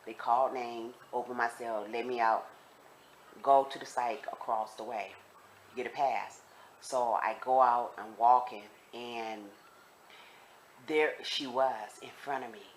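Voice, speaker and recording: A woman telling viewers a personal story in a casual, animated way, speaking straight to them and repeating herself for emphasis. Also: rumbling low, a little slow, a little hiss or hum.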